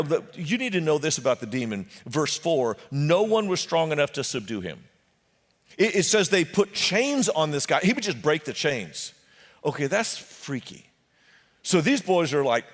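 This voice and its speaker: Male pastor, lively storytelling sermon, higher voice, big swings in pitch, long church reverb. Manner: animated storytelling, acting out voices and jokes. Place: church sanctuary.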